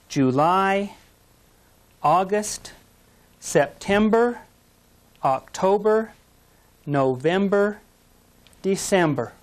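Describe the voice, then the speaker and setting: Slow, patient woman teacher. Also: medium pitch. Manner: patient, encouraging, models words slowly for repetition. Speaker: English teacher. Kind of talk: slow, clear pronunciation lesson. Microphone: studio mic, language course tape.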